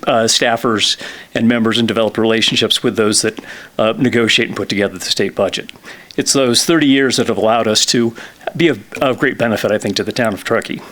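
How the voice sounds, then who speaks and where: A man in his fifties, a lobbyist giving a presentation to a town council, a little out of breath, often clearing his throat and pausing with fillers. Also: mid-range voice, a bit bright. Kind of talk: formal presentation. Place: council chamber.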